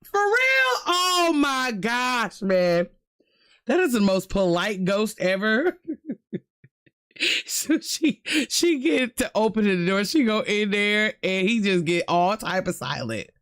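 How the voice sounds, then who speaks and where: A reaction host reacts to scary clips in loose, slangy commentary and keeps calling out to viewers. The voice leaps up and down all the time, with shrieks and loud exclamations breaking into the running chatter. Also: medium pitch, clean tone.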